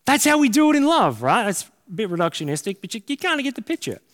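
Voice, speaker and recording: A man's voice: high-pitched, very animated, fast talker, a bit bright. A man preaching a sermon as a pastor, casual and joking, full of slang. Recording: long hall reverb.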